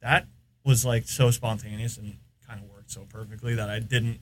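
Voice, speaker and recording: A man's voice: fairly low pitch, little pitch movement, moderate pace, a bit bright. A man with an American accent, a podcast guest, telling long rambling stories in casual chat. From United States. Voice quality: rambling, filler-heavy storytelling.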